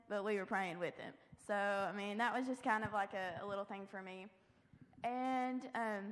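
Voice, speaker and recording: A teenage girl from the youth group gives a personal testimony in a church sanctuary, chatting away and quoting herself with lots of "I was like." Her voice is medium-pitched and a bit bright, and the church hall adds long reverb.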